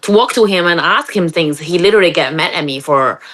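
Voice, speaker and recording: Female guest, lower voice, rambling, animated storyteller. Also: fairly quick. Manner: animated, rambling, laughs while talking. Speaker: guest psychic. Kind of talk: casual chat.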